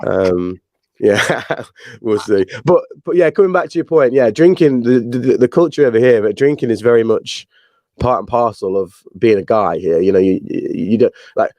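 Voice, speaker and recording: A man's voice: medium pitch, animated, normal speed, a little mellow, dry recording. A man from England with a Northern English accent, a podcast guest who laughs easily and talks with many fillers. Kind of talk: casual interview chat.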